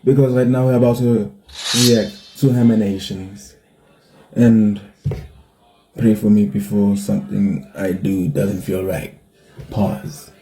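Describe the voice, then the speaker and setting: A man's voice: lowish voice, steady tone, unhurried, dark tone, faint music behind, rough recording. A man hosting a reaction video, talking in a drawling, hyped-up way. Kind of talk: casual reaction commentary.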